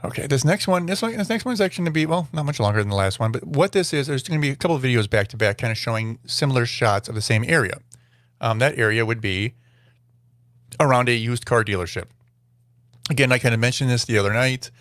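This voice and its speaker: A man's voice: medium pitch, expressive, quick pace, fairly bright tone, no echo, clean studio sound. A man hosting a podcast, giving casual commentary over news clips in a rambling, self-correcting way with dryly sarcastic asides. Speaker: podcast host.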